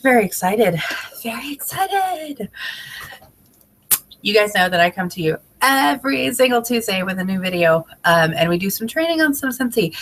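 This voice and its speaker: A woman's voice: mid-range voice, fairly bright tone. A woman in her thirties giving a chatty, upbeat training talk on a webcam, her voice congested from a head cold. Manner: chatty and upbeat, many fillers. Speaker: direct sales team trainer. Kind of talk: casual training video. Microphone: webcam video call.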